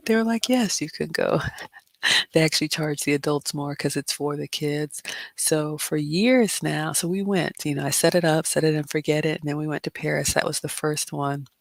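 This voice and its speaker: A woman's voice: low-pitched, steady tone, moderate pace, creaky, no echo. A middle-aged woman hosting a casual livestream Q&A, giving chatty advice with lots of fillers. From immigrant. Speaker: livestream host.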